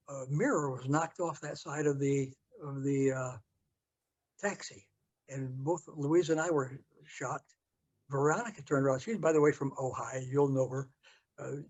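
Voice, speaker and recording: An older American man telling a story from his past in an interview, halting with many fillers and restarts. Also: a little high. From United States. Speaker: interview guest. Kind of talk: storytelling recollection.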